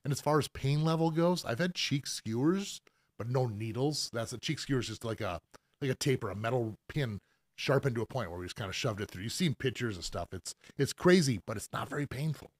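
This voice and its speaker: On a casual live stream Q&A, a middle-aged professional piercer talks shop about piercings in a mid-pitched voice with lively intonation and a brisk pace. He explains loosely and patiently, using fillers and restarting as he goes. The sound is dry and close, with almost no room and no echo.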